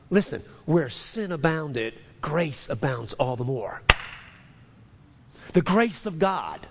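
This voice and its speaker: A man preaches a sermon in a high voice, stumbling over restarts and hammering phrases through repetition. His voice rings with the long reverb of a large hall. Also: sing-song, slow, pauses often, slightly rough. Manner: stammering restarts, emphatic repetition. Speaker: pastor.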